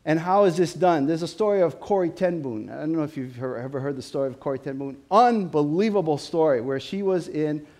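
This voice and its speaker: A man preaching a sermon to his church, with an animated style that rises to loud, emphatic questions. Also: fairly high pitch, brisk, hardly any pauses. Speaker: pastor.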